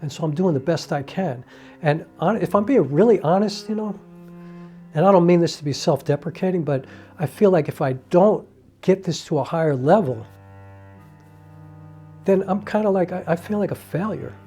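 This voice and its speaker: A man speaks a heartfelt, reflective monologue to the camera in a fairly high, mellow voice. He talks earnestly, leaning on "you know" as he thinks aloud, while faint violin music plays behind him. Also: animated, normal speed. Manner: acts out quoted dialogue with raised voice. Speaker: independent filmmaker and playwright.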